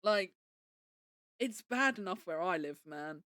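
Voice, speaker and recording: A woman's voice: fairly low pitch, expressive, takes it slowly, fairly bright tone, no echo, clean studio sound. A woman livestreaming from home, chatting casually with viewers, giggling and restarting her words as she talks into a desk microphone.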